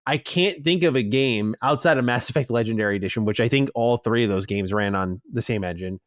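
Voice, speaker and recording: Animated podcast guy, dry close mic. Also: mid-range voice, brisk, no room sound. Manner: animated, swears, reads listener mail. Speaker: podcast co-host. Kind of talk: casual podcast chat.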